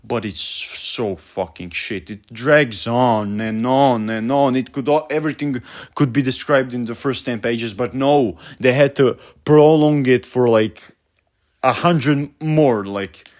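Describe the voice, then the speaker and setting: A man's voice: medium pitch, slow. A young man ranting about a book he hates, profane and exasperated, stumbling over his words with many fillers. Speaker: vlogger.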